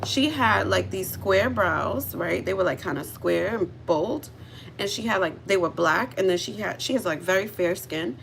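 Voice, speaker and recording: A woman's voice: medium pitch, normal speed, gravelly, slight background noise. A woman livestreaming from her car, telling a story in a casual, chatty way, laughing often and speaking straight to her viewers. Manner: laughs often, giggly and animated; chatty, addresses viewers directly. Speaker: livestream host.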